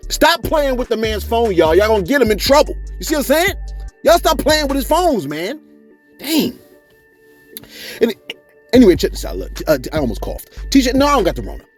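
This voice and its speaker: A man's voice: very high voice, brisk, soft background music. A man hosting celebrity gossip commentary, slangy and chatty, often checking in with his viewers. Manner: animated, slangy, repeats "you see what I'm saying". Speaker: host of celebrity gossip channel.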